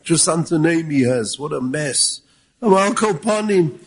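A man's voice: on the high side, animated, measured pace, breathy edge. A man with a Yeshivish accent giving a Torah talk, full of rhetorical questions, quoting Hebrew sources and at times raising his voice to stress a point. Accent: Yeshivish English with Yiddish and Hebrew words. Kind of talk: Yiddish-laced Torah talk.

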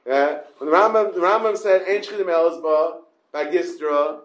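A man's voice: a little high, roomy sound. A man giving a Talmud class. He stumbles over his words and often asks the listeners questions. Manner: halting, repeats words and restarts often. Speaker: Talmud teacher.

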